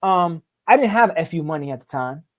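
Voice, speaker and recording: A man with a voice on the high side, animated and brisk, recounts his life story as a guest in a casual storytelling interview on a podcast. He uses profane street slang, often asks "right?", and repeats words in bursts.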